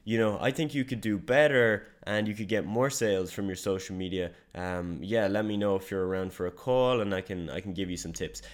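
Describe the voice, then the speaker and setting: A man doing an unconfident male cold caller who mumbles and trails off. He speaks slowly and a little low, with no energy or conviction behind his words. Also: lightly acted. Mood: flat.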